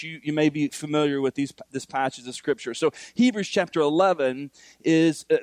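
Pastor, male, mid-high voice, earnest sermon delivery, repeats key lines, dry recording. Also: no echo.

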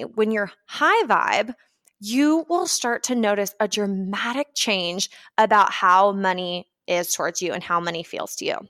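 A woman's voice: medium pitch, a bit bright, no room sound, studio quality. Chatty woman giving a motivational talk. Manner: chatty, many "like"s, acts out little scenes. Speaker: podcast host.

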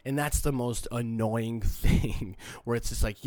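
A man's voice: medium pitch, measured pace, few pauses, a little mellow, no room sound. Man, young adult, sick with a cold, podcast host, rambling, profane, candid, dry sound. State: sick with a cold, congested and coughing. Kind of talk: solo podcast monologue.

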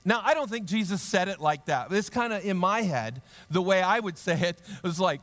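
A man preaching a sermon in a lively, humorous way, acting out the story in voices and then dropping into quiet, earnest reflection. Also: moderate pace, hardly any pauses, big-room sound. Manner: drops to a low, quiet, earnest tone. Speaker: pastor.

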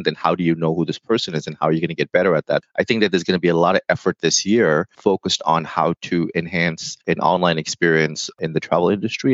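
Male panelist, very deep, measured, dry dull sound. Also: dry recording. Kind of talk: casual panel discussion.

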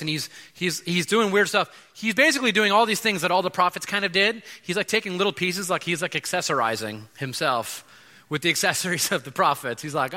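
A man preaching a sermon in an animated way, acting out quoted voices, with frequent fillers and restarts. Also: high-pitched. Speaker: pastor. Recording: long hall reverb.

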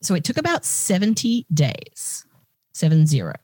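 A woman's voice: on the low side, wildly swooping pitch, moderate pace, darkish tone, husky, dry recording. A woman podcast co-host chatting casually and irreverently, explaining with jokes. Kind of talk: casual chat.

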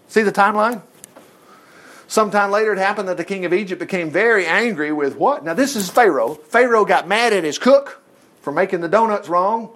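High, lively folksy Bible study teacher. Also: male voice. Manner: folksy, exclamatory asides and rhetorical questions. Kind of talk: reading scripture aloud with running commentary.

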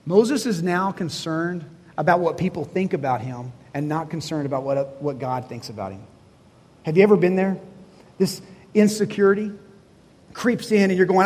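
This pastor speaks at normal speed in a fairly high, husky, slightly mellow voice, and a long reverb tail trails his words. Preaching conversationally to a congregation in a church hall, he asks them questions and acts out lines from the story, quoting God and Moses.

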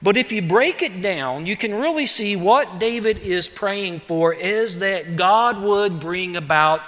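A man preaching a sermon as pastor, in an animated, conversational way with playful asides, in a church sanctuary. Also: sits high, measured pace. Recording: church hall reverb.

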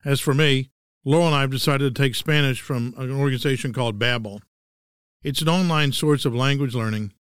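A man in his sixties speaks with a Texan accent, delivering a scripted solo monologue with dry, wry humor. His voice is smooth and resonant at an ordinary pitch, recorded dry with no room sound. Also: brisk, dry recording. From Texas. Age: 60s. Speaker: host.

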